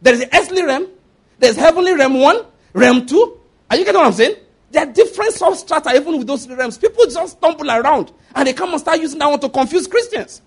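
A man's voice: very high-pitched, animated, quick pace. A man preaching a sermon, emphatic, repeating phrases and checking that listeners follow.

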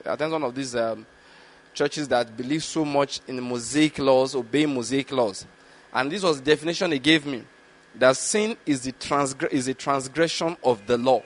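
A man preaching a Bible teaching sermon, reading scripture slowly and deliberately and often checking that his listeners follow. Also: mid-range voice, fairly bright tone. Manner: checks in with listeners with repeated questions.

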